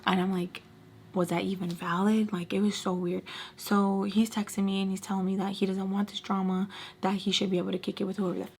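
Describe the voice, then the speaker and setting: A young woman in her twenties telling a story to her camera, animated and full of slang, acting out what people said. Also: medium pitch, a little fast, a little hiss or hum. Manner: animated, acts out quotes, frequent slang and "like". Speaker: storytime vlogger. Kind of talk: casual storytelling.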